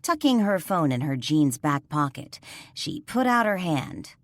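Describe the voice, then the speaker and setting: Low-voiced woman audiobook narrator. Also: big pitch swings, measured pace, dry recording, clean studio sound. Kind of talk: scripted narration.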